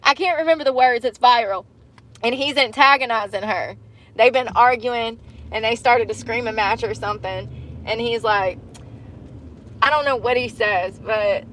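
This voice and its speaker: A candid, rambling woman talks straight into her phone from a parked car. Her voice sits a little high and she laughs between thoughts. Faint car and street noise hums underneath. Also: normal speed, a bit bright. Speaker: livestreamer. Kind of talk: casual livestream chat. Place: parked car in a parking lot.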